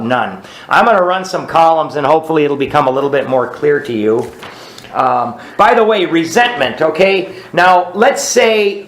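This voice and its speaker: A man's voice: on the high side, fairly bright tone, echoey room. A man leading a recovery study group, teaching in a plainspoken, conversational way and often checking in with "right?". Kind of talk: teaching a group through a book.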